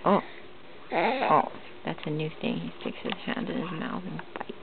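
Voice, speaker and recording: A woman's voice: on the low side, lively intonation, moderate pace. A woman filming her baby with a handheld camera at home, cooing in sing-song baby talk and laughing often. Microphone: handheld home video camera. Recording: tinny lo-fi home video with hiss.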